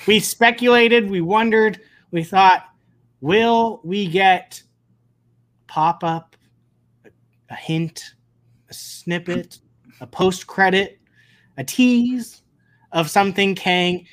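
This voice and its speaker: A man hosting a casual podcast, talking in an unhurried, drawn-out way. He gets excitable and rambles, restarting his sentences as he goes along. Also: sits high. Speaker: podcast host. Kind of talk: casual pop-culture chat.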